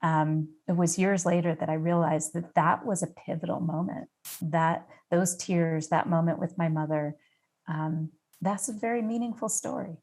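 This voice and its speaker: A middle-aged woman from the United States, a podcast guest, telling a personal story in an unhurried, conversational way with some fillers. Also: lowish voice, steady tone, darkish tone. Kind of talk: storytelling in an interview.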